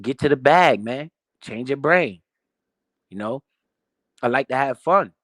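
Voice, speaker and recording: A man's voice: medium pitch, animated, measured pace, dry recording, clean studio sound. A man giving a profane, emphatic motivational rant about money in a casual way. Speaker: motivational finance streamer.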